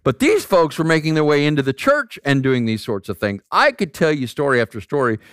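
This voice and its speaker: A man's voice: a little high, sing-song, brisk, fairly bright tone, clear, resonant tone, no echo, studio quality. A man, preaching a sermon in a conversational, storytelling way, often checking in with rhetorical questions. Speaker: pastor.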